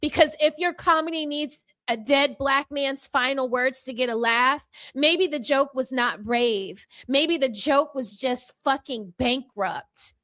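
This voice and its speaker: Sassy bright-voiced woman vlogger. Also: high-pitched, unhurried, hardly any pauses, dry recording. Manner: sassy, emphatic, mock-courtroom delivery. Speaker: channel host. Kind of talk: impassioned commentary vlog. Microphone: microphone.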